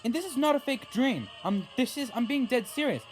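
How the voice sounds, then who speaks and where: A young man telling a story on his vlog in a casual, rambling way, full of restarts and animated outbursts. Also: very high-pitched, a little fast, faint music behind. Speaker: vlogger.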